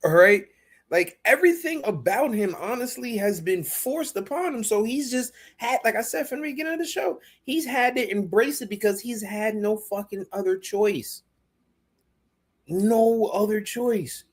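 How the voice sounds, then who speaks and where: A man co-hosting a podcast, loud and emphatic, swearing as he argues about a show. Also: high-pitched, animated, normal speed. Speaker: podcast co-host. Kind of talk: casual show review chat.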